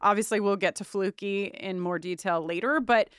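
A woman co-hosting a podcast in casual chat, animated and profane, often breaking into laughter. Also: mid-range voice, moderate pace, smooth, no echo, studio quality. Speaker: podcast co-host.

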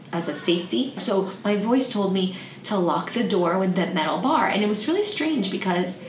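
A woman hosting a podcast, telling a personal story in a soft, reflective way with frequent fillers. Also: lowish voice. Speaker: podcast host. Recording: echoey room, slightly distant mic, faint noise.

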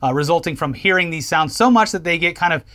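High-voiced wry male co-host. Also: quick pace, pushed and bright. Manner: wry, hesitant, full of fillers. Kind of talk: comedic news chat.

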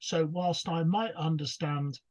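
A man's voice: on the high side, unhurried, darkish tone. A man, a professional speaker, chatting casually and rambling with many restarts. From United Kingdom. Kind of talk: casual podcast chat.

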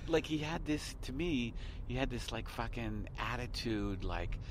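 A man's voice: medium pitch, unhurried. A man, a comedian, chatting in a moving car, ranting and swearing as he slips into mocking voices. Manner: ranting, profane, bursts into mocking put-on voices. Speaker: comedian guest. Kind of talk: casual chat in a car. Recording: car interior with road noise.

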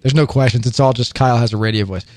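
A man hosting a casual live studio chat show, with an animated, self-mocking radio announcer way of talking. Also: mid-range voice, racing, no room sound. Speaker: podcast host. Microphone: studio microphone.

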